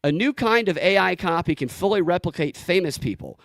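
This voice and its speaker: A man hosting a casual podcast, talking excitedly with frequent profanity and stumbling restarts. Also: high voice, a little fast, gravelly, dry recording. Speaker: podcast host.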